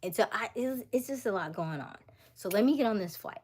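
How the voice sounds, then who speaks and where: Livestream host, woman, lively casual storyteller who laughs often. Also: medium pitch, a little fast, husky. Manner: animated, laughing, acts out voices.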